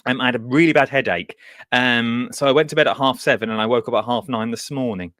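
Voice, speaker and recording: A man's voice: mid-range voice, fairly even intonation, quick pace, fairly bright tone, no room sound. A man hosting a casual live stream from a makeshift home studio, speaking, chatty and jokey as he reads out viewer greetings. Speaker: host.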